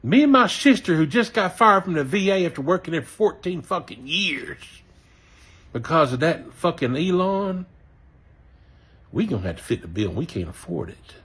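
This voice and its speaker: A man's voice: on the high side, a bit bright, husky. A man with a Southern American accent ranting angrily and cursing often, apologizing now and then for his language. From Southern United States. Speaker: voter sharing his view. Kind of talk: angry personal rant.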